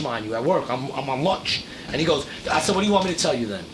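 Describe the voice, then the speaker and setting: Profane man telling a story over rumble. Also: fast. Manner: profane, animated, acts out quoted voices. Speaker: podcast host telling a story. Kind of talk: casual storytelling chat. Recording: noisy recording with low rumble.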